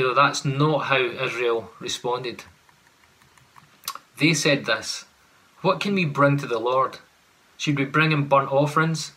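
A man's voice: medium pitch, pushed and bright. A man preaching a sermon, earnest and full of rhetorical questions, at times acting out sarcastic paraphrases.

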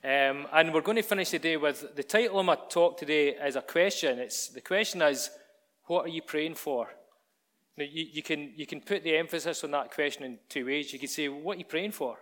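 Conversational male preacher, fairly high voice. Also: fairly quick, few pauses, a bit bright. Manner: conversational, addresses the congregation directly. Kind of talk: church talk with announcements. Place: church hall with congregation.

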